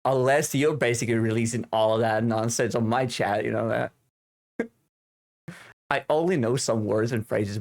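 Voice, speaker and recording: Male streamer with a Finnish accent, native Finnish speaker, halting and chatty English, close desk mic. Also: mid-range voice. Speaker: livestream host. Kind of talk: casual stream chat. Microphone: desk streaming microphone.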